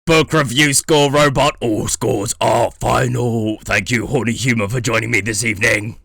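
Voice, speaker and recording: A man voicing a pompous male robot that scores books, making slow, booming proclamations. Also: steady tone, gravelly, fairly bright tone, dry recording, studio quality. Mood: grandiose.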